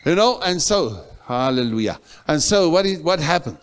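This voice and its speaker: A male pastor from South Africa preaching a sermon in a church, telling a story with loud outbursts that drop to soft asides. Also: fairly high pitch, big pitch swings, moderate pace, clear, resonant tone.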